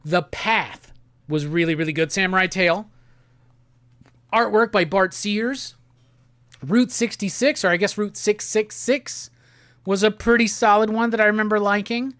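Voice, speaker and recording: A man hosting a casual live stream. He talks in a laid-back, slangy way and reads viewer comments aloud in quick bursts. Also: high voice, fairly bright tone, no echo, studio quality. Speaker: livestream host. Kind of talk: casual livestream chat, reading viewer comments.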